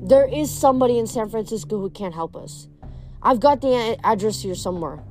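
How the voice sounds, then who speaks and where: Woman doing a tough teen girl, blunt and brisk, storybook reading. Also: on the high side, lively intonation, dark tone, soft background music, close to an everyday voice. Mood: urgent. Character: tough teenage girl, blunt and quick-thinking.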